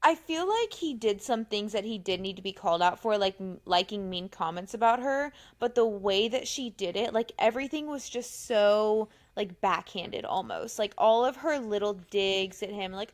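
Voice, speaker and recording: A woman's voice: medium pitch, animated, normal speed, few pauses. A woman co-hosting a podcast, chatting casually and candidly, quoting people in mocking voices. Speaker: podcast co-host. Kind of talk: casual chat recapping a reality show.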